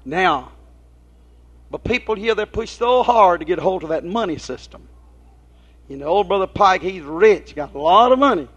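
A man's voice: high-pitched, expressive, normal speed, fairly bright tone, slightly rough. A man preaching a folksy sermon, telling homespun stories and asking his listeners rhetorical questions. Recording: dull lo-fi recording.

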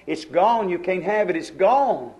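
A man's voice: high voice, animated, unhurried, highs cut off. A preacher playing an old blind father who speaks solemnly and repeats his words. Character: old blind father, grave and sorrowful man.

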